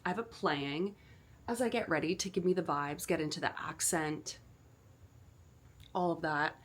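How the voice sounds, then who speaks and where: A young woman chats straight to her camera in a relaxed vlog, her voice sitting a little low. She talks loosely and keeps dropping in "like" as she goes. The tone is casual and personal. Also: normal speed, husky. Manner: chatty, with frequent "like" fillers. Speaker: actor and vlogger.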